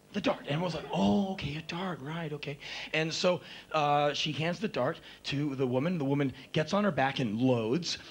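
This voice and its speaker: A man in his thirties doing a live spoken word stand-up monologue, intense and ranting, on a stage. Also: slight background noise. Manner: intense, ranting, acts out shrill voices.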